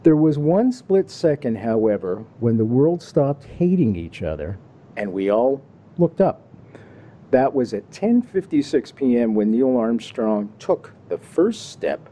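Dark, mellow-voiced Canadian male host. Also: mid-range voice, a little slow, slight background noise. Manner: folksy, animated, playful. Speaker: show host. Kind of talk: relaxed talk show hosting. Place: Kingston, Ontario.

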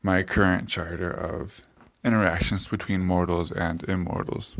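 A man hosting a podcast, explaining things in a relaxed way and thinking aloud with fillers. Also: low-pitched, moderate pace, gravelly, few pauses. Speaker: podcast host. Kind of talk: casual explanatory podcast talk.

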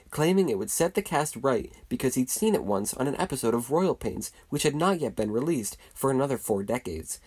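A man narrating in a deadpan, mock-documentary style, matter-of-fact throughout. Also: medium pitch, slightly rough.

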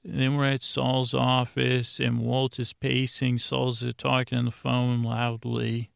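A man's voice: medium pitch, completely flat delivery, unhurried, creaky, clean tone, no echo, clean studio sound. A man hosting a podcast, casually recapping a TV episode in a rambling way with many restarts.

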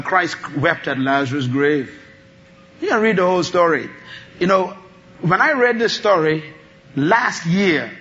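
A man preaching a sermon as pastor, animated, swinging between shouts and low asides and laughing often. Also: dull audio.

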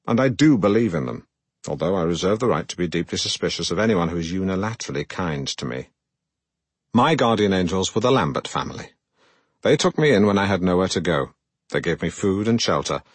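Pompous middle-aged broadcaster, comic audiobook narration, husky, lowish, deadpan, bouncy pitch. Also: male voice, no echo. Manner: pompous, self-regarding, deadpan. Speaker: narrator of own memoir.

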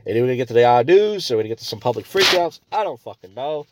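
A man's voice: medium pitch, big pitch swings, very fast, noisy background. A man hosting a comedy podcast, ranting crudely and rambling between stories. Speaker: podcast host.

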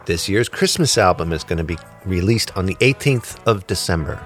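A man's voice: low voice, animated, music in the background. A male podcast host in casual chat, playful and teasing. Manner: playful, teasing, quick to laugh.

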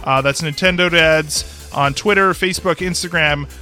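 A man's voice: fairly high pitch, steady tone, normal speed, pushed and bright. A man hosting a podcast in upbeat casual chat, leading each segment. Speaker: podcast host. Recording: music faintly behind.

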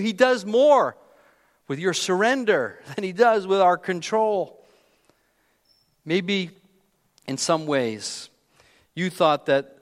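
Higher-voiced man preaching in a reverberant hall. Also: sing-song, slow pace. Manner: candid, storytelling, self-deprecating. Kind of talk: conversational sermon with personal story.

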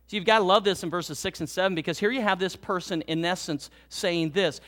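A male pastor delivering a Sunday sermon in a church, his voice sitting fairly high for a man. He swings from loud, emphatic exhortation to hushed, slowed-down lines.

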